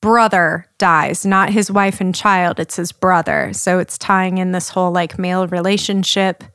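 A woman's voice: on the low side, fairly even intonation, moderate pace, a bit bright, no room sound, clean studio sound. A young woman co-hosting a podcast, chatting casually and laughing often as she recounts a story's plot. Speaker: podcast co-host. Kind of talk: casual chat.

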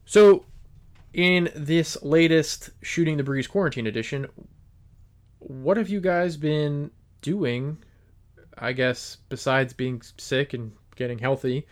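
A young man from New Jersey with a New Jersey accent, hosting a casual podcast chat and telling animated stories. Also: on the high side, measured pace. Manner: animated, laughing storyteller acting out quotes. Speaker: podcast host.

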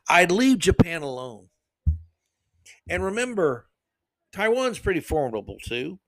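A man hosting a solo opinion podcast, sarcastic and mocking, swinging from low mutters to loud jabs. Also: no room sound. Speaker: podcast host.

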